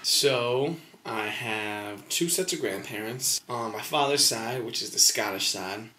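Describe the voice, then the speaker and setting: A man in his twenties from the United States tells comic family stories straight to camera. His delivery is animated and freely profane, and his voice sits at an average male pitch. A faint background noise runs under his talk. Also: unhurried. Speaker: vlogger. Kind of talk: casual comedic vlog monologue.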